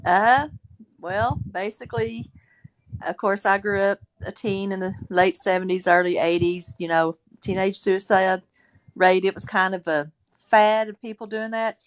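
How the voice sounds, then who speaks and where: Woman in her fifties calmly telling her story on a live stream. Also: medium pitch, unhurried, rough recording. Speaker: livestream guest. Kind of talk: casual spoken testimony.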